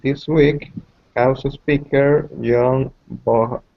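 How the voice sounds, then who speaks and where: A man's voice: mid-range voice, fairly even intonation, extremely slow, gravelly, dry recording, muffled recording. A male student reading a news article aloud carefully, stumbling over some words.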